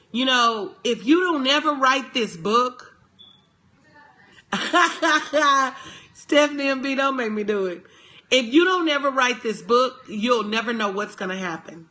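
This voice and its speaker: Woman consultant hosting a motivational livestream from a phone, high and bright, big on call-and-response. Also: a little slow. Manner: call-and-response, greets viewers by name. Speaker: business consultant.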